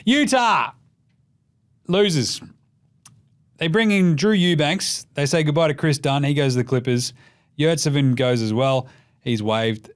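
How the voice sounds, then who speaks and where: A man's voice: a little high, measured pace, pauses often. An Australian man hosting a casual sports show, swearing freely and joking as he runs through his takes. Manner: profane, jokey, animated with mocking put-on voices. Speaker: podcast host.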